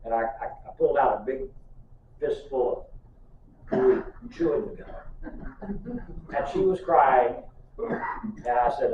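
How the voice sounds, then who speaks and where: Folksy older preacher in an echoey church. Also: male voice, mid-range voice, big pitch swings, slow pace, long pauses, slight background noise. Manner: folksy storytelling with humor. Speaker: pastor. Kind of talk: sermon. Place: church sanctuary. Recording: distant, echoey, muffled church recording.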